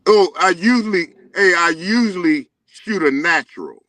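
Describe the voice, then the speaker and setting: A man with a lisp co-hosting a morning talk show, yelling and insulting his co-hosts in rambling heated banter. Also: high voice, expressive, normal speed, dry recording, poor audio.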